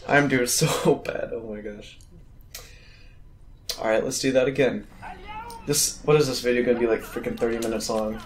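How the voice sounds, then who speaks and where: His medium-pitched voice holds a steady tone at normal speed, broken by long pauses. While playing a shooter campaign, the man chats casually for a let's-play, startling easily and teasing himself, addressing both himself and viewers. Battle noise and loud gunfire from the game sit behind the roomy-sounding audio.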